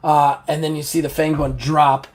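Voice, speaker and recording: A man's voice: a little high, level tone, moderate pace. A man running a tabletop game as game master, narrating in a casual, rambling way.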